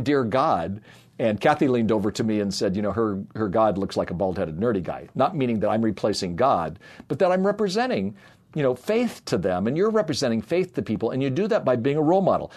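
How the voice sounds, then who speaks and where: Earnest low-voiced male preacher. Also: a little mellow. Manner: earnest storytelling, acts out quoted voices. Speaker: speaker in youth and family ministry. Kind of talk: sermon-style talk with personal stories.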